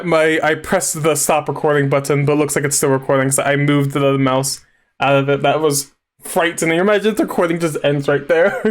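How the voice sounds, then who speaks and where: A young man with a slightly raised voice rambles through a casual monologue at his desk microphone. He stammers, restarts his sentences and laughs nervously. Thanking his viewers makes him openly emotional. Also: fairly high pitch. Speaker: vtuber gaming streamer.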